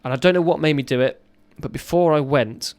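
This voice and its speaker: A man in his thirties, a podcast guest, telling a raw personal story in an earnest, halting way. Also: fairly high pitch.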